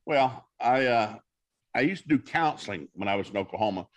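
This minister, guesting on a talk show, tells stories in a folksy, preacher's style and performs the dialogue of the folks he mentions. His mid-range male voice is expressive and runs a little fast.

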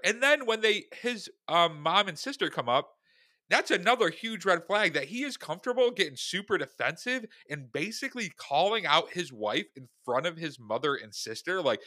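A man with a bright, mid-pitched voice chats casually as a podcast co-host. He sounds blunt and exasperated, and he acts out quotes in mocking voices. The recording is dry and close. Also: dry recording. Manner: blunt and exasperated, quoting people with mock voices. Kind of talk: casual chat.

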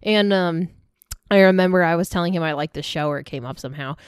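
A woman's voice: on the low side, fast, smooth, dry recording, studio quality. A young woman co-hosting a casual chat, laughing often and swearing freely. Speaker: co-host.

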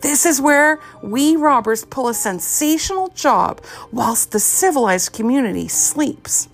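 A woman's voice: high-pitched, expressive, measured pace, faint music behind, pitched above the performer's own voice. A woman voicing a boastful male sneak thief in a storybook, with pompous, showy wording.

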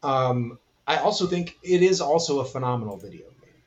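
A man's voice: medium pitch, expressive, normal speed, rough recording. A man co-hosting a gaming podcast in casual chat, talking through his ideas at length and analytically. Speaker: podcast co-host.

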